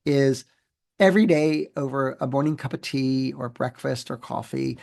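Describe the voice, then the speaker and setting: A man with a mid-range voice and some vocal fry speaks at a normal speed as he answers interview questions. He's a professor and author, and his replies are animated and story-driven, with many fillers and restarts.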